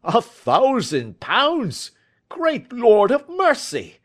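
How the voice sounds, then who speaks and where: A man voicing an excited, breathless male commissionaire who gasps and exclaims in a storybook reading. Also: very high voice, drawn-out words, voice pushed up, full character voice. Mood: astonished. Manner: gasping, exclaiming.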